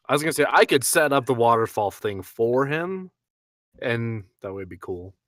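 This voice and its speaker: A man joking along as a tabletop player over voice chat, with a close, dry sound. His voice sits at a middling pitch. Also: lively intonation, normal speed, fairly bright tone, dry recording. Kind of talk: casual play chat.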